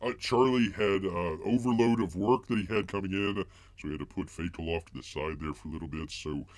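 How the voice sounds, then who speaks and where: A man with a low voice hosts a live stream where he reviews comics, talking fairly quickly. He rambles with many fillers and refers to himself in the third person. The chat is casual, and there's no room sound.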